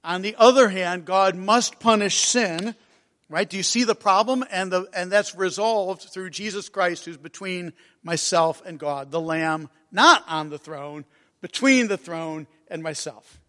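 A man preaching a sermon, earnest and emotional, reading hymn lines slowly. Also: high-pitched, sharp tone. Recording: long hall reverb.

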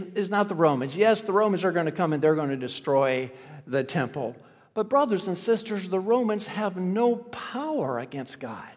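A male pastor delivers a sermon, pressing his points through repetition and sudden shifts between loud and hushed lines. His voice sits fairly high for a man. The sound carries the long reverb of a big church hall. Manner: emphatic, repeats key phrases, swings loud and soft.

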